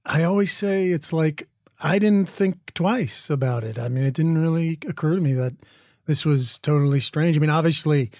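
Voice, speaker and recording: A man's voice: fairly high pitch, normal speed, a little mellow, no echo, studio quality. A man in his forties from the American Midwest, an actor being interviewed, talking thoughtfully with restarts and asides. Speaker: actor guest. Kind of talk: interview conversation.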